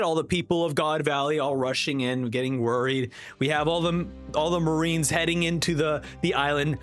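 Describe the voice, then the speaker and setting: A young man hosting a reaction video, reading a comic aloud and reacting in an excitable way. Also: on the high side, moderate pace, few pauses, soft background music. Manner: excitable, animated.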